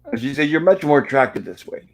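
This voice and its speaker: Guy doing a laid-back episode recap on a home mic, reads the lines out, mid pitch. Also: lively intonation, low-quality recording. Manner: reads lines in a chatty, unhurried storytelling way. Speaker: host. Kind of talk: casual episode recap, reading dialogue aloud.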